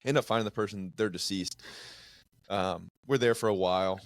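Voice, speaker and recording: A man who hosts a podcast and works as a police officer, chatting casually and sharing his own stories at an unhurried pace. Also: deep voice. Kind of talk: casual interview chat.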